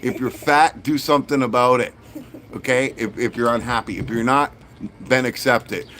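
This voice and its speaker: A man's voice: mid-range voice, steady tone, normal speed, fairly bright tone. Man, blunt, rambling, profane, casual stream chat, faint background noise. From Canada. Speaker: Lego build streamer.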